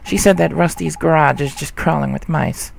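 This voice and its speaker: A man's voice: fairly high pitch, moderate pace, creaky, slight background noise. Man doing a doting older lady, cooing.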